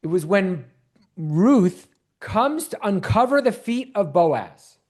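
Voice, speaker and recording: A man's voice: high-pitched, takes it slowly. A man, a rabbi, teaching an online Bible class and quizzing his listeners. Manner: animated, quizzes the audience.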